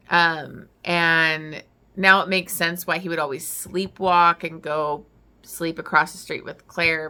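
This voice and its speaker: A young woman reviews a book in loose, casual chat, peppering her talk with "like" and "um". Her voice sits fairly low yet sounds bright and forward, with a gravelly fry running through it. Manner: chatty, full of "like" and "um" fillers. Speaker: book vlogger.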